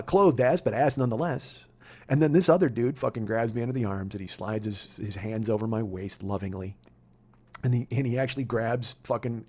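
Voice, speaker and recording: A man, telling a profane story as a podcast host, swinging between muttering and shouting. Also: mid-range voice. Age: 40s. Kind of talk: storytelling monologue.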